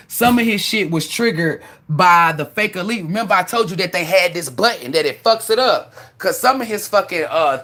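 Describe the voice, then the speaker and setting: A woman hosting a livestream, rambling through stories in a loud, profane, animated way with many restarts. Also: lowish voice. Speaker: livestream host. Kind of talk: casual livestream storytelling.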